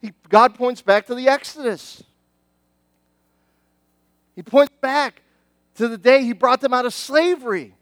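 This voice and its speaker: A middle-aged man preaching a sermon as pastor, animated and conversational, often restarting his sentences. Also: very high-pitched, unhurried, long pauses, dry recording.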